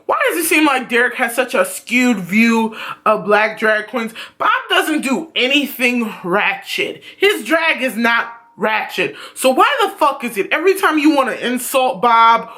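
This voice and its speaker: A man giving a blunt, profane, animated ranting review on his vlog. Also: very high-pitched, unhurried. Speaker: YouTube reviewer.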